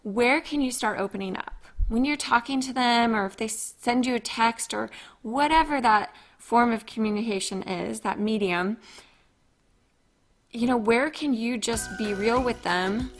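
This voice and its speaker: A woman hosting her own podcast, talking in an earnest, confiding way, slow and thoughtful, with frequent restarts. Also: on the high side. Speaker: podcast host. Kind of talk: reflective solo podcast talk.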